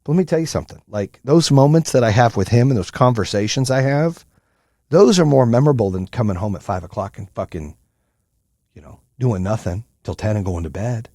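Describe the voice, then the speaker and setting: A middle-aged man hosting a solo motivational podcast, telling stories in a profane, animated way with lots of fillers. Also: medium pitch, fairly quick, slightly rough, no room sound, studio quality. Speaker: podcast host.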